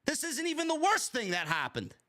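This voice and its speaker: High-voiced man, indignant, swinging pitch. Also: huge pitch swings, a little fast, pushed and bright. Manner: indignant, profane, rhetorical questions. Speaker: podcast co-host. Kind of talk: heated podcast rant.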